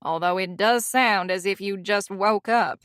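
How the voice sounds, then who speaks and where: A woman voicing a prim, disapproving elderly great-aunt with a gravelly voice and a thick Southern accent. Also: mid-range voice, unhurried, a bit bright, dry recording, clean studio sound, natural voice. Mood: haughty.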